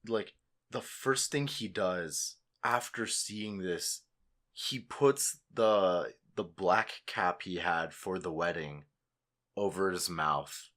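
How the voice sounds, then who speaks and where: This is a man co-hosting a podcast in a low voice. He talks slowly and in a measured way. His talk is reflective and easygoing. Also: a bit bright. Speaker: podcast co-host. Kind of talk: casual chat.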